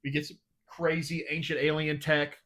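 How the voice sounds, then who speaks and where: Brief: young male co-host, a bit high-pitched, sarcastic, laughs a lot. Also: little pitch movement, normal speed, fairly bright tone. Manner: laughing, joking, sarcastic asides. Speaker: podcast co-host. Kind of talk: casual profane chat.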